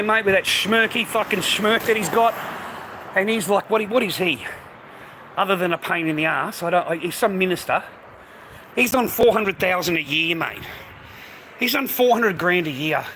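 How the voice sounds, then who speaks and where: A high-voiced Australian man rambles to his viewers, swearing often and dropping mate and bro into every sentence. He is recorded outside by a street, and traffic noise runs clearly under his voice. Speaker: streamer. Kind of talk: casual rambling talk to viewers.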